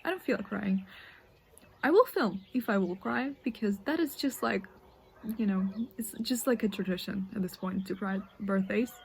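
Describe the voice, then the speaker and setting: 18-year-old woman, rambling solo vlogger on a handheld phone, soft faint birdsong behind. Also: medium pitch, moderate pace, vocal fry, slight background noise. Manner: rambling, hesitant, drops to a whisper at times. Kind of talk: casual chat. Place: outdoors in a forest.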